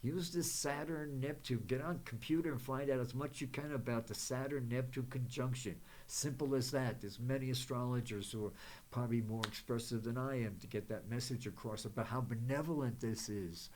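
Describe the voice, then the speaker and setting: Man hosting his own psychic talk show, mid-range voice, rambling delivery with gentle affirmations. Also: mid-range voice, moderate pace, a little hiss or hum. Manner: rambling, many fillers and restarts. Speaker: psychic and spiritual show host. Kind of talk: rambling spiritual talk to viewers.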